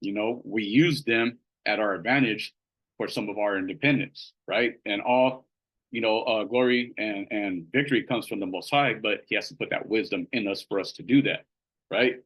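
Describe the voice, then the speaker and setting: A man on the low side of pitch, slightly bright and a bit rough, talks at a moderate pace on a low-quality recording. He teaches a Bible study in a casual way, reading passages aloud with lots of fillers and frequent "right?" check-ins.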